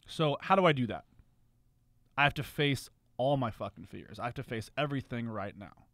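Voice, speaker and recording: Male podcast guest, confessional and blunt, mid-pitched, dry mic. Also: animated, moderate pace, fairly bright tone, dry recording. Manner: raw, confessional, swears freely. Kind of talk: candid podcast conversation.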